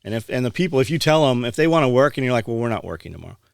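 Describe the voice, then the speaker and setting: A man's voice: mid-range voice, sing-song, rapid-fire, creaky, smooth, no echo, clean studio sound. A man co-hosting a casual chat, telling stories in a heated, profane way. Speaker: co-host.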